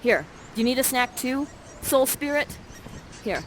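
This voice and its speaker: A woman's voice: high-pitched, animated, unhurried, slight background noise. A woman narrating an interactive live stage show in a bubbly, playful manner while directing the audience.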